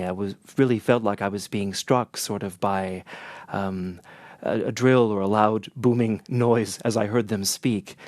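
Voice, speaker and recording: Northern American man, measured and earnest. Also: fairly low pitch, no echo. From northern United States. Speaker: interpreter and teacher. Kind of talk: scripted lesson to camera.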